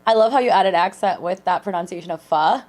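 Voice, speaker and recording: A woman streamer chatting casually and excitedly with her viewers while reacting to a sermon. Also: on the low side, fast talker. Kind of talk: casual watch-along commentary.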